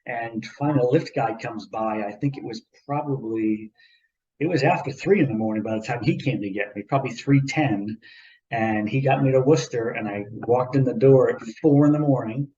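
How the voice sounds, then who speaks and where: Man, mid-pitched podcast co-host, spins a rambling story full of repeats; audio a bit muffled. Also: normal speed. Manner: animated, rambling anecdote with repeats and asides. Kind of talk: casual storytelling chat.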